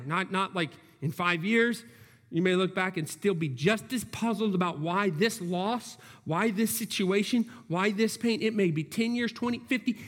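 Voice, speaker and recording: Delivering a sermon in a reverberant church hall, a high-voiced male pastor reasons through his points with earnest conviction, often starting phrases over. His tone is a bit bright.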